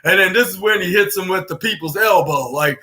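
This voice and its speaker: A man's voice: sits high, fairly quick, bright, forceful tone. A man hosting a podcast, retelling a wrestling show in a rambling play-by-play way. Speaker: podcast host. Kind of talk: casual wrestling show recap.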